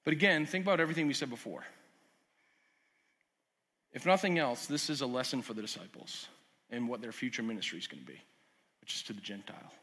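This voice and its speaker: A man preaching a sermon as pastor, swinging from loud urgent emphasis to quiet lowered asides. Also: expressive, fast talker, pauses often, husky. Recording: long hall reverb.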